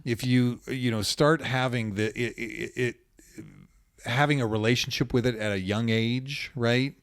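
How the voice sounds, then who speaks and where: A man's voice: medium pitch, fairly even intonation, unhurried, no room sound, clean studio sound. A man co-hosting a faith and psychology podcast, a therapist who chats casually, jokes and rambles. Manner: joking, rambling with restarts. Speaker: podcast co-host, marriage and family therapist.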